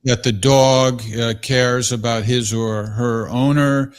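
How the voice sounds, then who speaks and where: A man's voice: medium pitch, steady tone, takes it slowly, smooth. A man hosting a call-in talk show, chatty and easygoing with a bemused streak. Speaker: host. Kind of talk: casual talk show chat.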